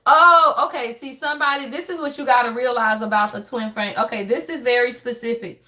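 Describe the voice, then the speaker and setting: A woman's voice: a little high, fairly even intonation, a little fast, pushed and bright. A woman giving a casual spiritual tarot reading. She is blunt and profane, talks straight to her viewers, and keeps checking in with emphatic tag questions. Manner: blunt and profane, constantly addressing viewers directly. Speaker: tarot reader.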